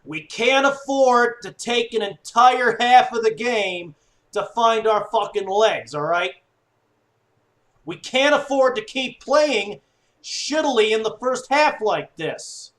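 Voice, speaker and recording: A man giving an upset, sweary sports fan rant, swinging from low muttering to shouting. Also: expressive, slow. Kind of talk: ranting fan monologue.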